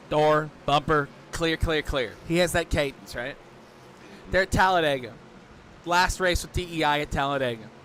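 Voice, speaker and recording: A male race commentator with a high, bright, cutting voice. He chats casually over the action, and his storytelling builds quickly into excitement. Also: a little hiss or hum. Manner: excitable storyteller, voice jumps up when thrilled.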